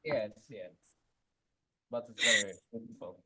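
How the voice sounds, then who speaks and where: A man answers in short, halting phrases as a student in an English lesson. His voice is bright and a little low, and he sounds quiet and distant on the line. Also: fairly even intonation.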